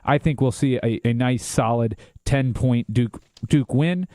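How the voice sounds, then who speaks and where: A man's voice: medium pitch, darkish tone, dry recording, studio quality. Opinionated man talking sports. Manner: confident, opinionated, rapid predictions. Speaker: sports show co-host. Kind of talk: casual sports talk.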